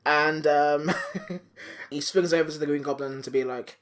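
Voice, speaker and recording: A man with a slightly high voice hosts a podcast and recaps episodes in loose, animated chat. He swears freely and slips into the characters' lines as he goes. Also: normal speed. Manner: animated, profane, acts out characters while recapping. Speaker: podcast host.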